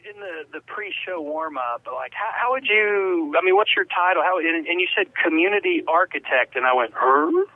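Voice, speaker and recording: A man hosting a radio talk show, chatty and rambling, still a little stuffy from a sinus infection. His voice sits a bit high for a man. The sound is thin and phone-like, very dry with no room at all. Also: moderate pace, few pauses, no echo. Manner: chatty, rambling, repeats words. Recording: phone-quality radio audio.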